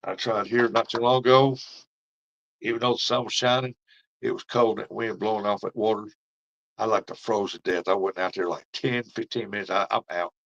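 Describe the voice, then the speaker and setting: A man's voice: lowish voice, fairly even intonation, fairly quick, creaky, fairly bright tone. A middle-aged man, chatting casually with viewers and telling folksy stories with frequent laughs. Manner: folksy storytelling, laughs often. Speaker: fishing vlogger. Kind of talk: casual live chat with viewers. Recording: dull lo-fi stream audio.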